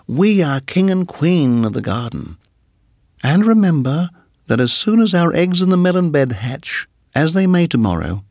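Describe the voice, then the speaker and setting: A man's voice: medium pitch, vocal fry, a little mellow, dry recording, studio quality. A man voicing a cold, scheming female cobra who gives orders to her mate.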